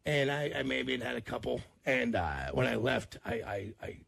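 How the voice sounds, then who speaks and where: Raspy, animated male radio host. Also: medium pitch, normal speed, no room sound. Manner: animated, rowdy storytelling with restarts. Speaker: radio morning show host. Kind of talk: morning radio banter. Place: radio studio.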